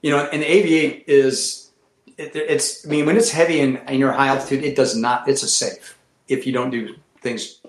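A man telling stories in casual talk, animated and acting them out with sound effects. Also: medium pitch, moderate pace, roomy sound. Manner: animated, acts out his story with sound effects and laughs. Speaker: guest pilot telling stories. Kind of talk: casual storytelling.

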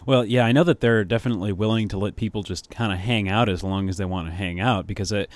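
A man's voice: lowish voice, quick pace, dry recording. A man hosting a casual tech podcast, talking hesitantly with many fillers and restarts. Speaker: podcast host.

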